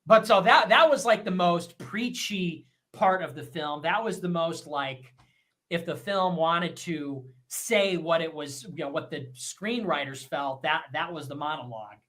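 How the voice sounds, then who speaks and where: Man, bright voice, profane scornful rant, mocking laughs, streamer. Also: a little high, measured pace. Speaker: livestream commentator. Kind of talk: ranting monologue.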